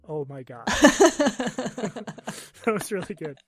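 A man's voice: a little high, expressive, takes it slowly, faint music behind. A man co-hosting a podcast, trading dry jokes in casual banter. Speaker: podcast co-host.

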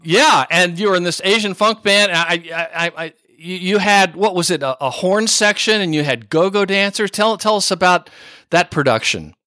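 A man's voice: high voice, normal speed, pushed and bright, no room sound, clean studio sound. A man hosting a podcast, reading a playful scripted introduction and chatting with a guest, laughing easily. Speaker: podcast host.

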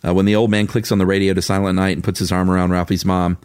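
A man's voice: low-pitched, flat delivery, fast, a little mellow, clean tone, no echo. A man co-hosting a casual podcast, reading out listener comments and giving frank, laid-back opinions with a chuckle. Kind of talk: casual chat.

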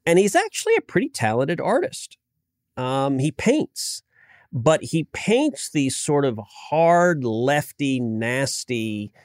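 A middle-aged man and senator, chatting casually in an interview, telling stories with lively restarts. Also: a little high, slow, no room sound, studio quality. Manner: storytelling, animated, frequent restarts. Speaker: senator, guest.

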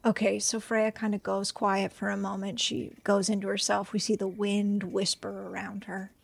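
A woman's voice: mid-range voice, monotone, normal speed, vocal fry, slightly rough. A woman playing a tabletop role-playing game, talking through her ideas in a thoughtful, slightly tentative way. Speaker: player.

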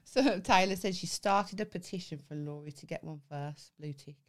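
A woman's voice: on the low side, normal speed. A woman, co-hosting a casual chat over wine, blunt, sweary and teasing. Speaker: podcast co-host.

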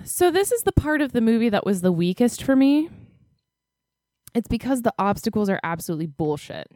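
A woman's voice: a little high, sing-song, moderate pace, dark tone, no room sound, clean studio sound. A woman co-hosting a podcast in casual chat, talkative and self-mocking. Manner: chatty, self-mocking, giggly. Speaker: podcast co-host.

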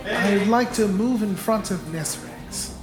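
A woman's voice: medium pitch, slow, echoey room. A woman playing a tabletop game, playfully protesting and planning her moves. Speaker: player. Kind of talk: casual tabletop play.

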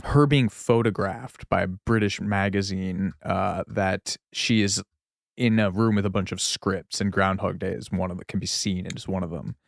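Male co-host, low voice with lively inflection, dry and wry, close dry sound. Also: moderate pace, vocal fry, no echo. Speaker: podcast co-host. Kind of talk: casual film chat.

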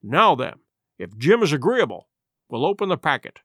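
Man doing a shrewd storybook doctor, measured and reasoning, dry close sound. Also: on the high side, very animated, fairly bright tone, no room sound. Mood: probing. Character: calm, shrewd male country doctor.

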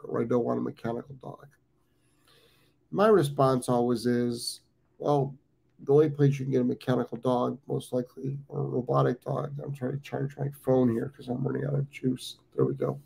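Gravelly-voiced fifty-something American man rambling. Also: mid-range voice, darkish tone. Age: 50s. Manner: rambling, repeats phrases, frequent ums. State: has the hiccups. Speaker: dog training show host. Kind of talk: casual live-stream talk.

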